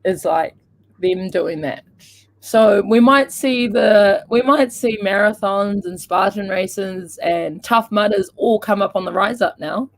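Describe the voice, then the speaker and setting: A woman's voice: mid-range voice, slow. A woman co-hosting a casual chat, giggly and chatty, often trailing off mid-sentence. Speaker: podcast co-host.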